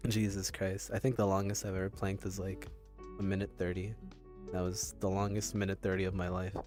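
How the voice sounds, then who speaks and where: A man's voice: low-pitched, completely flat delivery, brisk, over music. A man co-hosting a podcast in casual chat, rambling and self-mocking, laughing often. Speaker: podcast co-host.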